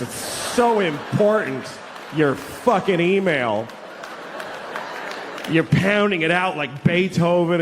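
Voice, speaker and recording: A man in his forties performing a stand-up comedy routine, animated and dropping into exaggerated put-on voices. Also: on the high side, slight background noise. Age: 40s. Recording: live show in a reverberant hall.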